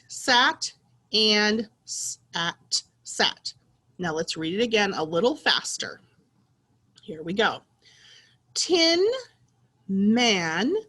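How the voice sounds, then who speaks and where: A woman teacher with a husky voice, reading slowly and in a sing-song way with young children. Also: fairly high pitch, a bit bright. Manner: slow, sing-song, encouraging teacher talk.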